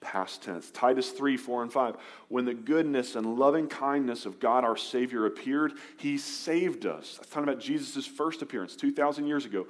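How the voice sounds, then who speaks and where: A man preaching a sermon to his congregation, earnest, rising for emphasis and dropping soft and low on key words. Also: normal speed. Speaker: pastor.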